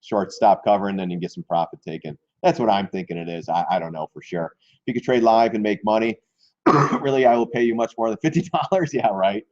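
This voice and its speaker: A man hosting a live stream on stock trading, talking loosely and mocking himself, often clearing his throat. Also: lowish voice, a little fast, a little mellow, highs cut off. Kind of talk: casual live-stream market commentary.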